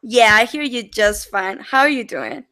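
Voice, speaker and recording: Bright, animated woman with a Mexican accent. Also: fairly high pitch, moderate pace. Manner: animated, laughs often, lots of fillers. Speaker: host. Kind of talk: casual online chat.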